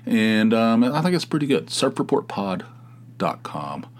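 With a lowish voice and a slightly slow pace, a very animated American podcast host meanders through a solo monologue. His casual talk is rambling and self-deprecating.

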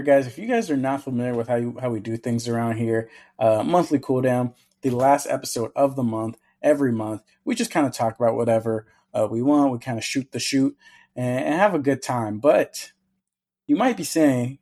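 A man's voice: mid-range voice, animated, a little fast, a little mellow. A man hosting a video game podcast, talking casually in an upbeat, teasing, rambling way. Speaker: podcast host. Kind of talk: casual chat.

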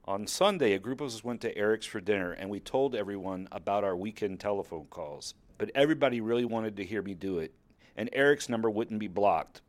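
A man telling a personal story in the first person, with wry, mocking asides, over a soft music bed. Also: fairly low pitch, a little fast.

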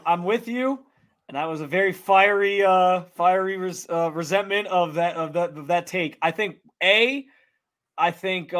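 A man in his thirties co-hosting a sports talk show in a casual, joking way. He often stumbles and repeats words as he gets going. His voice sits high for a man. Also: fairly bright tone. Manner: stammering, joking, restarts a lot. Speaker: sports radio co-host.

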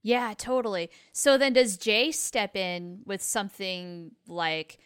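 A woman's voice: mid-range voice, steady tone, slow, hardly any pauses, a bit bright, clean tone, no echo, clean studio sound. A woman co-hosting a podcast, chatting casually and agreeing enthusiastically. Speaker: podcast co-host. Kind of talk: casual fan chat.

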